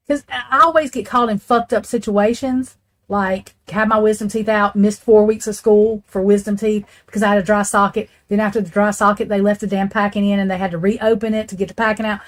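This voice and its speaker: A woman rambles through casual true crime commentary, blunt and quick to swear. Her voice sits at an ordinary middle pitch. She talks straight to her viewers. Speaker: true crime channel host.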